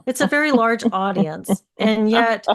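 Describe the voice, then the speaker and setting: A woman hosting a casual panel chat and reading out viewer comments, thinking aloud with halting restarts. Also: on the high side.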